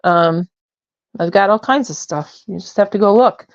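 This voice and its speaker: A woman guest telling her experiences in a casual, rambling way, full of fillers and animated retellings. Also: medium pitch, moderate pace, no echo, dull audio. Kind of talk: casual storytelling on a call-in show.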